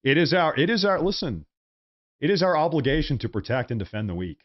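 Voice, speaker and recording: A man rants on a political livestream, worked up and emphatic, circling back to repeat his points. His voice sits a little high. The audio is muffled and lo-fi. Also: sing-song, brisk. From United States. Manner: fiery, emphatic, repeats phrases. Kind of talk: heated live commentary rant.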